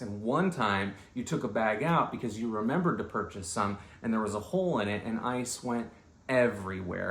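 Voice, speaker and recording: Rambling comic man in an echoey room. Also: medium pitch. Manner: rambling, self-interrupting, conversational asides. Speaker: comedian. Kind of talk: rambling comedic monologue.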